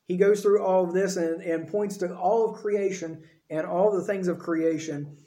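High-voiced mellow man preaching. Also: fairly even intonation, moderate pace, roomy sound. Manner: conversational preaching with quoted dialogue. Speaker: pastor. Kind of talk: sermon.

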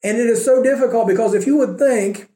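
A male pastor preaching in a sermon, his voice high for a man and mellow in tone. He speaks earnestly and builds with rhetorical questions and repeated phrases, and the sound carries a roomy echo. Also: a little fast.

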